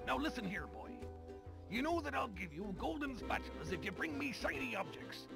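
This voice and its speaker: A scheming, money-hungry crab boss from a cartoon game, gruff and gravelly. He talks high and swoops all over. Loud game music plays under him. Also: sing-song, normal speed, exaggerated voice. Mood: coaxing. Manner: scheming, money-obsessed, sly. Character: greedy gravelly crab boss, older man. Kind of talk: video game cutscene voice acting.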